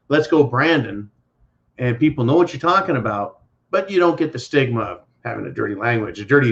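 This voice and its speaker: A man's voice: on the high side, a bit bright. A man hosting a live stream, ranting bluntly and profanely while reading viewer messages. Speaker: livestream host. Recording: dull lo-fi stream audio.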